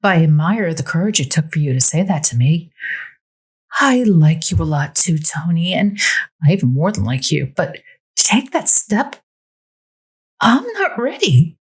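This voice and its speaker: Woman voicing a guarded divorced mom, hesitant, anxious, husky, low-pitched. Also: sing-song, unhurried, heavily acted.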